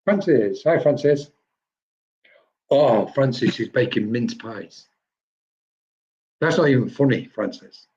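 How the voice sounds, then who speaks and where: A man's voice: medium pitch, lively intonation, slow, long pauses, darkish tone. A man, a medium, giving chatty spirit readings on a live stream and addressing viewers by name. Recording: dull lo-fi stream audio.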